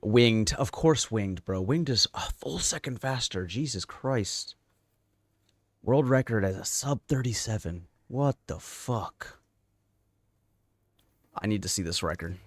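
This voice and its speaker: A man live-streaming a racing game, reacting with excited, swearing, laughing commentary as he plays and chats. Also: lowish voice, slow, pauses often, dry recording. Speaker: gaming streamer.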